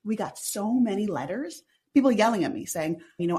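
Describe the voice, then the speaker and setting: A woman from Long Island, New York, chats as a podcast guest in a casual interview, speaking briskly at medium pitch. Chatty and animated, she says "like" constantly.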